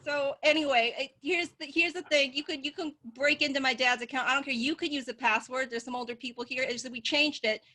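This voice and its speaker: A woman comedian telling stories in a stand-up set over a video call, animated and laughing at her own jokes. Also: high-pitched, brisk, few pauses. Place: at home.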